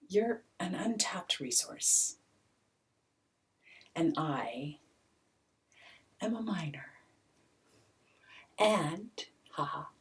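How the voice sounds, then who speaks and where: A woman in a rambling personal monologue, swinging between hushed whispers and loud outbursts, swearing and repeating herself. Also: fairly low pitch, distant mic. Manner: swears freely.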